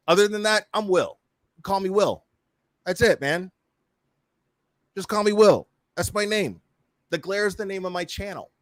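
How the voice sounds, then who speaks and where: A man's voice: fairly high pitch, a bit bright, no room sound. A man hosting a casual reaction commentary, swearing freely, laughing and stammering through restarts. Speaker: YouTube commentary host.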